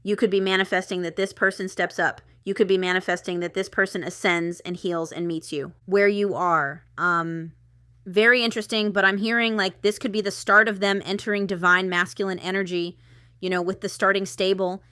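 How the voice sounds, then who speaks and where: Bright, chatty woman reading tarot. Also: mid-range voice, brisk, clean tone, no echo, studio quality. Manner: chatty, excitable, thinks aloud with many fillers. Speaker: tarot reader. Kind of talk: casual tarot reading monologue.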